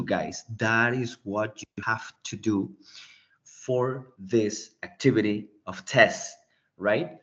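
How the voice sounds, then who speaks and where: A man's voice: mid-range voice, fairly bright tone. A man teaching an English class online, walking students through a quiz and checking in with "right?" often. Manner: explanatory, checking in with frequent "right?". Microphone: computer mic on a video call. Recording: dull lo-fi meeting recording.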